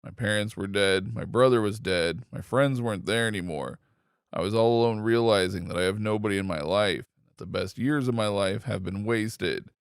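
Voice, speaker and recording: A man reading online posts aloud in steady, scripted narration. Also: on the low side, normal speed, clear, resonant tone, dry recording, clean studio sound. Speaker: story reader.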